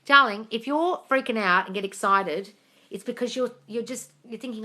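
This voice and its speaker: Woman on a phone livestream, bright tense voice, blunt and sweary, reads chat comments out loud. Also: a little high, moderate pace. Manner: blunt, swears freely, mocks gushing with squealing impressions; reads viewer comments aloud. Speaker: manifesting coach answering live chat questions. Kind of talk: casual livestream Q&A. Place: home livestream.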